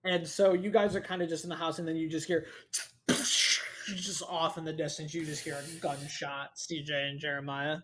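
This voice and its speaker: A man's voice: a little high, little pitch movement, moderate pace, a bit bright, slight background noise. A young man narrating a tabletop game as game master, casual and rambling with plenty of swearing.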